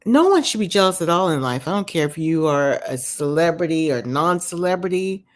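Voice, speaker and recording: A woman's voice: lowish voice, animated, a little fast, hardly any pauses. A woman vlogger casually recapping a reality show at home, rambling with lots of "you know" and "um" fillers and giving candid opinions. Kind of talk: casual chatty recap commentary. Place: home with a dog nearby.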